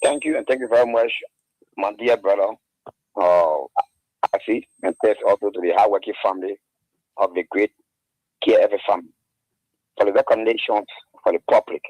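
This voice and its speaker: A man's voice: lowish voice, moderate pace, long pauses, no echo. A man calling in to a radio talk show, speaking heatedly and repeating words as he pushes his point. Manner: fiery, repeats words, rising to shouts. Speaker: caller. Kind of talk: heated call-in commentary. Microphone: phone. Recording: tinny phone line.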